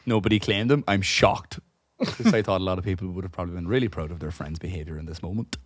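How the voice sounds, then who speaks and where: Irish podcast co-host, young adult male, lowish register, casual and profane, tangents everywhere. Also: fast talker, no room sound, studio quality. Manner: animated, profane anecdote telling with many asides. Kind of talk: casual storytelling chat. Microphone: podcast studio microphone.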